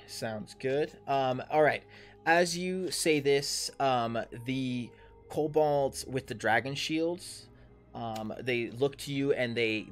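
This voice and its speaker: A man in his thirties narrating a tabletop game as game master, hesitant and full of fillers. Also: medium pitch. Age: 30s.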